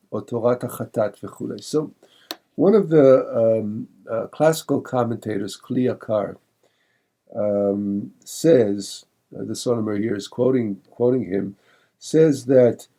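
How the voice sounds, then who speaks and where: A rabbi giving a Torah teaching in a very dark, mellow voice at a middle pitch. He rattles off verses, then slows down to explain them with many pauses and fillers, asking the listener questions as he goes. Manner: reads Hebrew verses quickly, then translates slowly with many fillers; reflective, poses questions to the listener.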